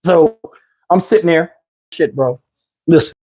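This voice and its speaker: A man hosting his channel, telling a comic story in an animated, profane way and acting out the other voices. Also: a little high, unhurried. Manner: animated, profane, acts out every voice. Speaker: channel host.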